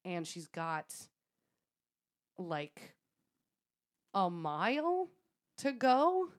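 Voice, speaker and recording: Lower-voiced woman telling a story. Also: drawn-out words. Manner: laughing, swearing, animated retelling. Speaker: podcast co-host. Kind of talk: casual storytelling chat.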